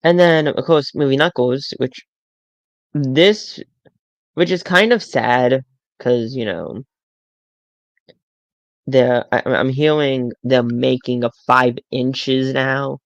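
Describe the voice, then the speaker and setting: A man rambles through a casual live stream about toys, tripping over his words and repeating himself. His voice has a gravelly fry to it. The sound is dry and close, with no room echo. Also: mid-range voice, takes it slowly, pauses often, lo-fi sound. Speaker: toy collector streamer.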